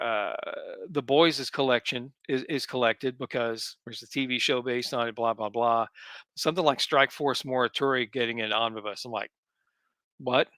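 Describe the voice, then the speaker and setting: Guy talking comics as a guest, bright crisp voice, dry close sound, relaxed with lots of ums. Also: medium pitch, no echo. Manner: easygoing, thinks aloud with ums. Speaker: comics writer and publisher, guest. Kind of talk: casual interview conversation.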